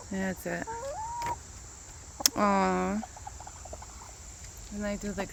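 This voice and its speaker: Soft-spoken woman cooing to hens. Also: medium pitch, fairly even intonation, vocal fry, slight background noise. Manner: cooing baby talk to chickens, soft and slow. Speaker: backyard chicken keeper filming her hens. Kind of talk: casual talk to pets on camera.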